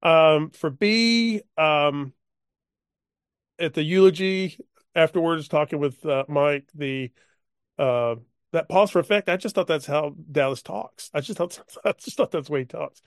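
A man in a casual chat about a game session, talking haltingly with many fillers. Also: a little high, no room sound, studio quality. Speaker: player.

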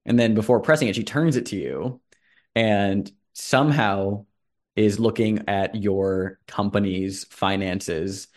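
A man's voice: lowish voice, slow. A man narrating and running a tabletop role-playing game in a loose, conversational way. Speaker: game master.

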